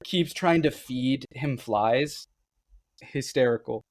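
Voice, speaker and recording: A man's voice: medium pitch, moderate pace, no echo. A man co-hosting a podcast in a casual book discussion, enthusiastic and laughing often. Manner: enthusiastic, laughs often, reads quotes aloud. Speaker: podcast co-host.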